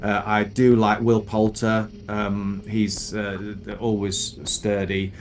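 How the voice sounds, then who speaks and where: Brief: laid-back male co-host, lowish voice, faint rumble in the recording. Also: slow. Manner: relaxed, hesitant with frequent "uh" and "um". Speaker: podcast co-host. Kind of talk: casual film chat.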